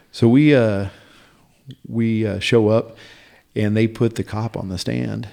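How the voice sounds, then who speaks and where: A man with a low, gravelly voice recounts a story on a podcast. He talks in a halting, animated way, full of fillers and restarts. The delivery is loose and conversational. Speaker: podcast guest. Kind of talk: casual storytelling.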